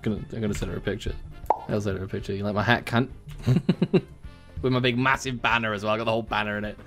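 A young man hosting a gaming video, chatting casually with friends, excitable, swearing and laughing often. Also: fairly low pitch, fast talker. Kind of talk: casual gameplay chat with friends. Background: game music.

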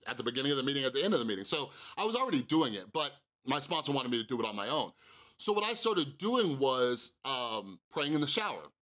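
A young man in recovery telling a casual storytime monologue to camera, animated and acting out his own past rants. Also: medium pitch. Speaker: YouTube vlogger on addiction recovery.

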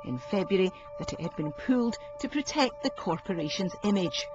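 Brief: documentary narrator, measured and grave, mid-pitched, with music underneath. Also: expressive. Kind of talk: scripted narration. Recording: dull audio under music. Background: music bed.

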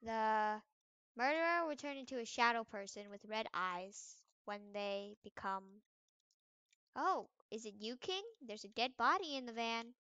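A young woman with a high, bright voice talks slowly and playfully through an online game, often breaking into excited exclamations. Her voice is very clear and close, with a dry sound. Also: dry recording, dull audio. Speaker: gamer. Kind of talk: casual gameplay commentary.

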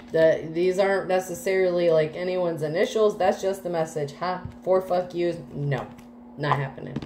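A woman's voice: on the low side, warm tone. A woman doing a casual tarot reading, laughing often and swearing freely as she talks. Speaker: tarot reader. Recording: echoey room with faint background noise.

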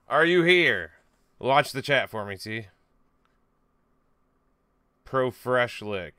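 A man hosts a relaxed livestream and calls out viewer names without any hurry. His voice is bright and forward, and it has a smooth, clean quality. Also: mid-range voice, slow pace, long pauses. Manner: easygoing, reading out viewer names. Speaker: livestream host. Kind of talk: casual livestream chat.

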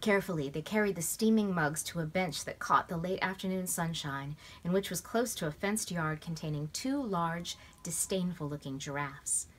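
A woman reading a children's novel aloud at home, in a lively, expressive way. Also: on the low side, moderate pace, hardly any pauses. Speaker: storybook reader. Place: at home in bed.

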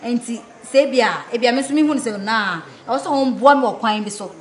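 A woman's voice: a little high, brisk. A woman speaking frankly as an interview guest, mixing Twi and English. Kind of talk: casual interview chat. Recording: roomy echo.

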